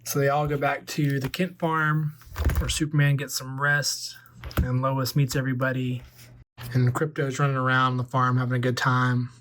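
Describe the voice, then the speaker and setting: Flat-toned man rambling through a recap. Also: medium pitch, normal speed, slight background noise. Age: 40s. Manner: rambling, loose, filler-heavy storytelling. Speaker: toy collector vlogger. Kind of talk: casual movie retelling.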